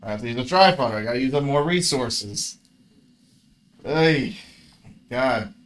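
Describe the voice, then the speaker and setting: A man's voice: mid-range voice, expressive, a little slow. A man casually commentating his own card game match, grumbling and swearing at his bad luck.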